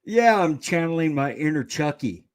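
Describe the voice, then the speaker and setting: A man's voice: on the high side, big pitch swings, normal speed, crowd noise. A man from the Bay Area calling into a sports show, talking in a hesitant way that restarts and repeats words. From San Francisco Bay Area, US. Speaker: caller. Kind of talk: casual call-in chat.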